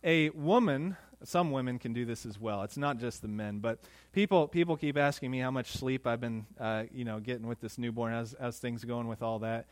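A man's voice: medium pitch, normal speed, no room sound. A young adult man preaching a sermon in a conversational way, with joking asides and acted-out pleas from the disciples. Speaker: pastor.

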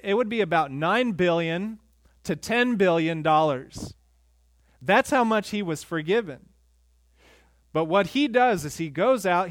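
Male pastor, conversational earnest sermon, voice a touch high, recorded dry. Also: no echo. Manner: conversational preaching, earnest, with quick asides.

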